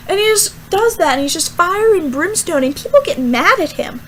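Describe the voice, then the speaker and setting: A young woman, a student, rambling casually through a Bible verse vlog with lots of fillers and animated asides. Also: very high-pitched, a little fast, hardly any pauses, a little hiss or hum, poor audio. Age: young adult. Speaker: student vlogger.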